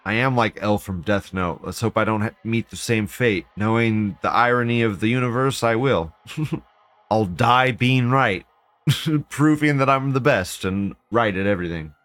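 A man hosting a live stream, reading viewer posts aloud and reacting with profane, scornful rants that swing between loud outbursts and low mutters. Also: unhurried, dry recording. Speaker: livestream show host.

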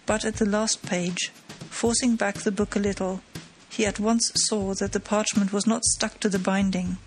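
A woman narrating an audiobook of a classic mystery in a measured, dramatic storytelling manner. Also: medium pitch, steady tone, slight background noise, rough recording. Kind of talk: scripted narration.

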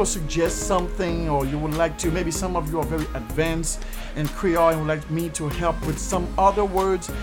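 A host from Haiti teaching a casual online language lesson, upbeat and repeating each word for learners. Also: mid-range voice.

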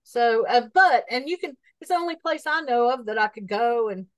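A woman's voice: on the high side, animated, normal speed, a bit bright, no echo, poor audio. Easygoing woman co-host, dry sound. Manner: easygoing, laughs often, reads listings aloud. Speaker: podcast co-host. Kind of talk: casual chat.

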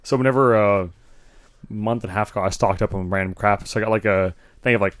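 A man in a casual chat, quick to react and laugh along. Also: fairly low pitch, fairly even intonation, fairly bright tone, no echo, clean studio sound.

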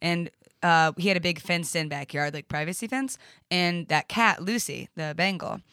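A woman's voice: on the low side, normal speed, bright, forceful tone, smooth, no echo. A woman rambling through a personal story on a podcast, full of fillers and casual swearing. Her voice sits in an ordinary middle register. The studio sound is very dry and close. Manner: rambling, profane, lots of fillers. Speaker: podcast guest.

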